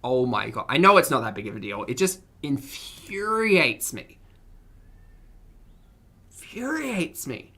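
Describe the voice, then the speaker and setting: A low-pitched woman with a forceful, sharp edge to her voice, giving live reaction commentary on a stream. She talks bluntly and sarcastically, with exasperated rants and swearing. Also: big pitch swings, normal speed, hardly any pauses.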